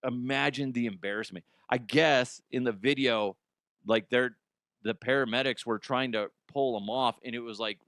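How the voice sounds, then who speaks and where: A middle-aged man hosting a comedy news show, riffing on odd headlines in an animated, jokey way and swearing freely. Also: medium pitch, normal speed, no echo, clean studio sound.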